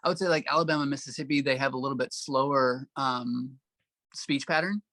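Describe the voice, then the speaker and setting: A man from Arkansas with a Southern accent, answering interview questions in a halting way with many pauses and fillers. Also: medium pitch, sharp tone, no echo. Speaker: actor, interview guest.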